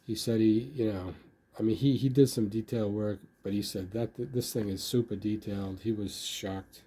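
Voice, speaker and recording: A man's voice: lowish voice, steady tone, moderate pace, dark tone, husky. An older man casually talking about his model building, rambling and filling his speech with "you know.". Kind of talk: casual hobby video talk.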